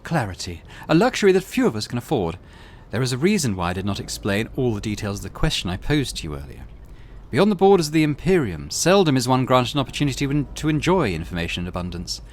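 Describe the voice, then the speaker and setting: A man voicing a cold, predatory noblewoman starship captain, dry and imperious, pitched well above his own voice. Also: sing-song, fast. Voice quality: dry, commanding. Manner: haughty, imperious.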